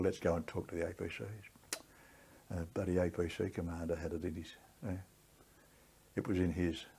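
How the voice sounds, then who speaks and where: A man's voice: low-pitched, gravelly, darkish tone, slightly rough. An older Australian man, a war veteran, telling his story in a plainspoken, gritty way in an oral history interview.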